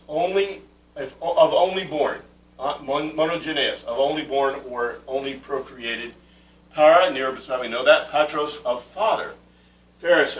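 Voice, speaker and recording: A man's voice: on the high side, fairly bright tone. A man teaching a Bible class, lecturing conversationally with fillers and restarts and putting questions to his students. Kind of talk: classroom lecture on Greek word meanings. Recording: echoey room, mic far from the speaker.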